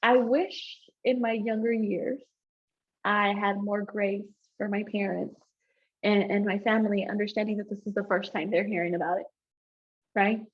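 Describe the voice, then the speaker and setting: A woman's voice: medium pitch, steady tone, normal speed. A woman giving a personal testimony to a live audience, telling her story conversationally and often checking in with "right?". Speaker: speaker sharing a personal testimony. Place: live event in front of an audience. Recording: dull, lo-fi live event recording.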